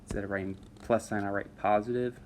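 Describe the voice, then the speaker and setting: A man teaching a math lesson over a screen recording, walking students through each step in a relaxed way with frequent checks of "all right?". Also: on the low side, fast, slight background noise.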